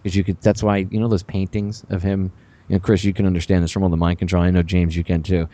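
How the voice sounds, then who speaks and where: A man hosting a radio talk show, rambling with sarcastic, animated asides. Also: low-pitched, quick pace.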